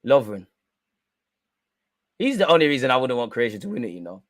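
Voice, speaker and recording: A man's voice: medium pitch, sing-song, brisk, fairly bright tone, dry recording. Young guy on a watch-along stream, slangy, chatty, talks to chat, dry close mic. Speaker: live stream host. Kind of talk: casual football watch-along commentary.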